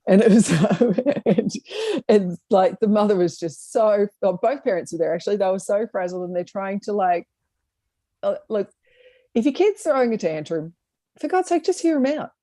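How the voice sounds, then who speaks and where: Woman co-host, mellow and laughing, telling comedy stories over a dry video-call line. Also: mid-range voice, animated, normal speed, dry recording. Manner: chatty storyteller, laughs often. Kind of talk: casual comedic chat.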